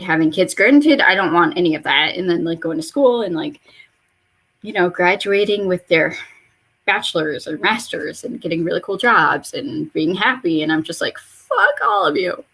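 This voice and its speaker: A woman in her mid-twenties vents in a loose, rambling chat while getting ready at home. Her voice sits at a middle pitch, and she swears freely and leaps suddenly much higher when something excites her. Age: mid-20s. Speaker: vlogger. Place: bedroom at home.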